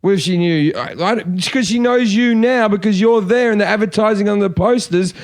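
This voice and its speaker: Man, podcast host, fairly high voice, rambling anecdotes, swears. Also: a little fast. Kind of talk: casual storytelling chat.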